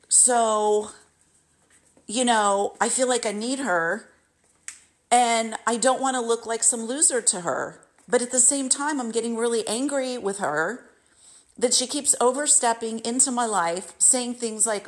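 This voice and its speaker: A woman's voice: a little high, a little slow. A married woman ranting about someone who keeps prying into her life, frustrated and indignant, acting out her own retorts in bursts. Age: adult, married. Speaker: vlogger venting about a masseuse. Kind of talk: emotional personal rant.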